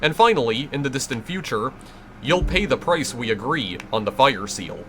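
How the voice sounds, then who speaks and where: A man's voice: mid-range voice, expressive, normal speed, natural voice. A man reading a solemn mystical familiar spirit. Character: intense mystical male familiar spirit, teacher. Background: game music.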